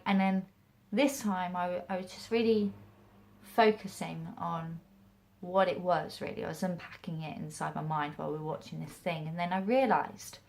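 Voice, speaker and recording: A young English woman with a mixed regional accent, chatting casually to camera about acting, rambling with restarts. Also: on the low side. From England. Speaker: acting vlogger.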